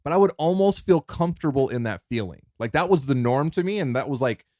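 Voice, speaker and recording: A man's voice: medium pitch, animated, quick pace, a little mellow, no room sound, studio quality. A man co-hosting a podcast, talking in a rambling, jokey, self-deprecating way. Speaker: podcast co-host. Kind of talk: casual chat.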